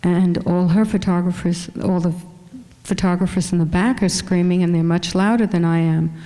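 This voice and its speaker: A woman's voice: lowish voice, fairly even intonation, moderate pace, dark tone. A woman fashion photographer with a small voice, chatting casually with many fillers as she shows her photos in a museum lecture hall.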